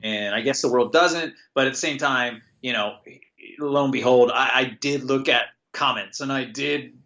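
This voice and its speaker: A bright-voiced American man telling a story. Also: medium pitch, moderate pace, dull audio. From United States. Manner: chatty storytelling, self-deprecating, laughing often. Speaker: guest, TV writer. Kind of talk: casual podcast interview.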